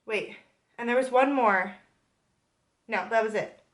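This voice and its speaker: A young woman chats to camera in a loose, filler-heavy vlog storytime. Her voice sits a bit high, and she sounds slightly out of breath from a cold. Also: measured pace. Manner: chatty, many filler "like"s, indignant retelling. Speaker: vlogger.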